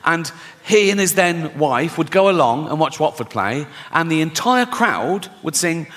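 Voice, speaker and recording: On stage at a big live venue, a man does stand-up in a chatty, storytelling style, keeps asking the crowd "right?" and acts out what people said. His voice sits fairly high with a sing-song lilt, a fairly bright tone, and a slightly slow pace. The recording carries live hall reverb and faint room noise.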